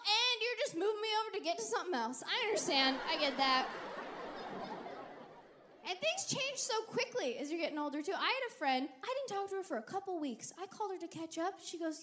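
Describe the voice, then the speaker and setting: A woman in her thirties performing a sarcastic, animated stand-up comedy set and working the crowd on a theater stage. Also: very high voice, fairly quick, noisy background. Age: 30s. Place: large theater stage with audience. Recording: live theater recording with crowd laughter.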